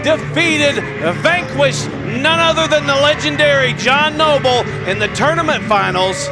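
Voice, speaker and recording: A man doing excitable, emphatic color commentary for a wrestling show. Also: very high voice, a little slow, loud music behind the voice, poor audio.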